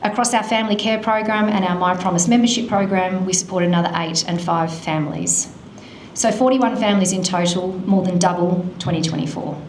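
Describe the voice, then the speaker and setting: A woman's voice: lowish voice, fairly even intonation, a little hiss or hum. A woman giving an earnest, emotional speech at a charity event. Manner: earnest, emotional, slow and measured. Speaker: charity speaker. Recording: echoey hall.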